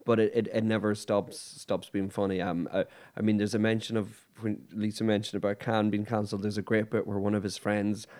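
A man's voice: lowish voice, level tone, a little fast, hardly any pauses, a little mellow. A man on a film chat show, talking casually with frequent restarts and repeated words. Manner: hesitant, repeats words, laughs often.

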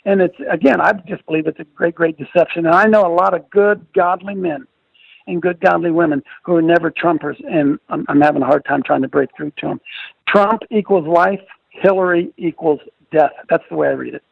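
Older male radio host, emphatic and preachy, high gravelly voice, muffled dry studio recording. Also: fairly quick, dry recording. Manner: emphatic, preachy, repeats phrases for stress. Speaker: radio host, ministry leader. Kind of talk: conservative Christian radio talk.

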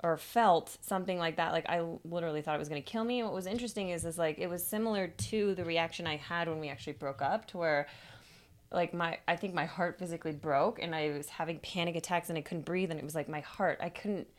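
A woman's voice: fairly low pitch, fast. A woman guest on a podcast telling a personal story in a chatty, casual way, full of "like" and laughter.

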